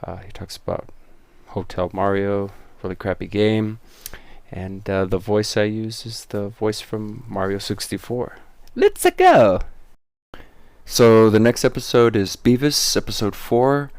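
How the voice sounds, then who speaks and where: Deep gravelly man, rambling commentary. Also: darkish tone, no echo. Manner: rambling, many fillers and restarts. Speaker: show creator and host. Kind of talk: casual behind-the-scenes commentary.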